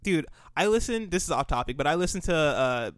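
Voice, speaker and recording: A man's voice: fairly high pitch, expressive, a little fast, smooth, dry recording, clean studio sound. A man in casual podcast chat, plugging his shows with a rambling, filler-heavy, laid-back manner. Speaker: podcast co-host.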